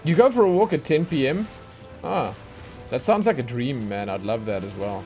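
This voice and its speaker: Sleepy guy streaming a game, rambly and chatty, mid-pitched voice, bit of game music under it. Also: animated, moderate pace, a little mellow. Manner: rambling, chatty, self-mocking. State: tired from lack of sleep. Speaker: let's play streamer. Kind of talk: casual chat while gaming. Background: faint game music.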